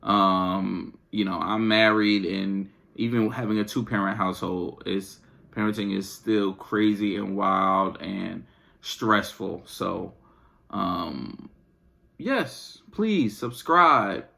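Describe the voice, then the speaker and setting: A parent hosting a podcast, venting comically in casual slang, who swings from low mumbling to loud outbursts. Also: takes it slowly, gravelly. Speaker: podcast host; parent of young children and an eleven-year-old. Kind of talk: comedic venting monologue.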